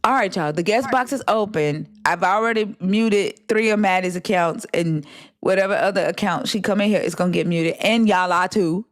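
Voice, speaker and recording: A woman's voice: on the low side, normal speed. A woman hosting a casual livestream chat, blunt and exasperated, swearing freely and drawling slang. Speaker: livestream host.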